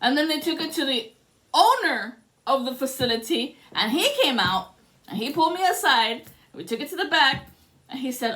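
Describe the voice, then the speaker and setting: Woman, high voice, bright and sharp, passionate, swearing, ranting monologue to camera. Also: sing-song, normal speed. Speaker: spiritual reader.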